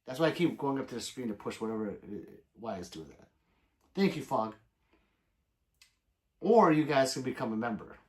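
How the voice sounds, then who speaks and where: A man's voice: mid-range voice, animated, normal speed, pauses often, a little mellow. A man hosting a livestream, reading viewer comments aloud in loose, profane casual chat and plugging subscriptions. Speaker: livestream host.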